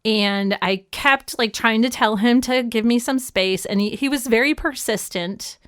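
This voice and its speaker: A woman's voice: a little high, a little slow, fairly bright tone, clean tone, no echo, studio quality. A woman guest on a podcast, talking casually and wryly, with lots of fillers. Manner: chatty, many "like" fillers, wry. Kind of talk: casual conversation.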